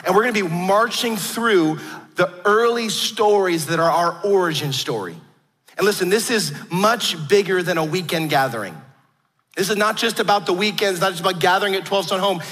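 Bright-voiced pastor in a reverberant hall. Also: male voice, high-pitched, lively intonation, normal speed, breathy edge. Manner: storytelling, earnest, with frequent restarts. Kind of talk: sermon.

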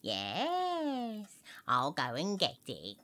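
A woman's voice: fairly low pitch, wildly swooping pitch, very slow, fairly bright tone, exaggerated voice. A woman playing a cooing fussy old lady. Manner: cooing, sing-song baby talk. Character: doting fussy old lady pet owner.

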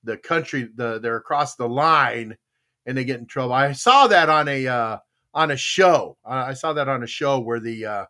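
A man's voice: medium pitch, normal speed. A man hosting a podcast, joking, laughing and reading out the live chat. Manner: lively, jokey, laughs easily. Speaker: podcast host.

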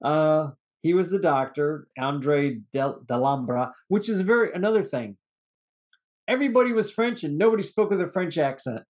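Man, podcast co-host, casual movie chat, rambling, a bit high-pitched. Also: moderate pace. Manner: rambling, animated, swears casually.

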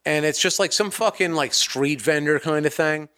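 A man co-hosting a podcast, telling a long story in a profane, animated way with mock-angry outbursts. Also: a little high, normal speed, clear, resonant tone. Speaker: podcast co-host. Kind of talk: casual storytelling chat.

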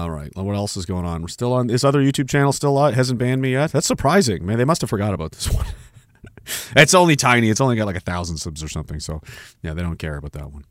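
Hosting a casual livestream from home, a man with a low voice rambles, curses frequently, and breaks off mid-sentence to read the chat. The audio is clean studio sound with no room sound.

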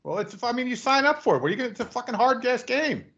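Fast lively guy, bright voice, chiming in on football picks, kinda muffled lo-fi audio. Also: extremely high pitch. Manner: quick agreeing interjections, animated, profane. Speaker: podcast co-host. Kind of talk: casual sports chat. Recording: dull lo-fi sound.

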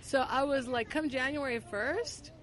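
A woman guest telling a personal story in casual conversation, full of "like" and restarts, getting louder and quicker as she gets excited. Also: sits high. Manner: filler-heavy, talks with 'like', gets louder and faster when excited. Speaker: podcast guest.

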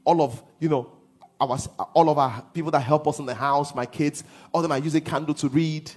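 A man preaching a sermon as pastor, swinging from hushed lines to half-sung shouts. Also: fairly high pitch, steady tone, fairly quick.

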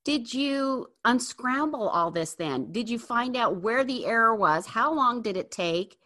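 Slow, bright-voiced woman interviewer. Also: a little high, lively intonation. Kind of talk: interview questions.

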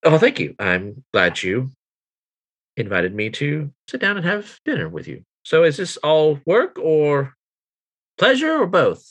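A man's voice: on the high side, huge pitch swings, a little slow, a bit bright, husky, voice pushed up, heavily acted. A man voicing a courteous woman at a dinner, speaking formally and politely. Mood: cordial. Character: courteous woman merchant dining.

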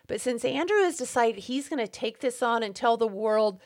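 A woman's voice: fairly high pitch, lively intonation, moderate pace. A middle-aged woman hosting her own podcast, speaking an emphatic, indignant personal monologue and getting worked up as she talks. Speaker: podcast host.

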